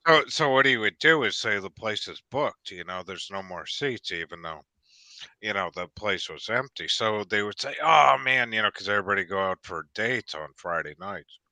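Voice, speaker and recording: Bright-voiced rambling man telling stories. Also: on the low side, moderate pace, dry recording. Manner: rambling storyteller, frequent restarts. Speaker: host. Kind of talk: casual chat.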